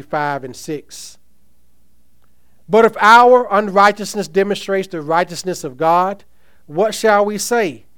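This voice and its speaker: Man, pastor, emphatic sermon delivery, fairly high pitch, smooth resonant voice. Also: a bit bright. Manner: emphatic preaching, reads scripture aloud, asks the congregation questions.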